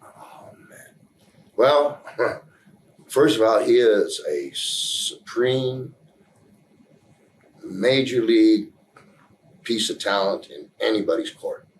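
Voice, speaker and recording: A man giving a candid interview, telling a story in a rambling, halting way with many restarts, earnest and emotional in places. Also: lowish voice, animated, a little hiss or hum, poor audio. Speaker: interview guest.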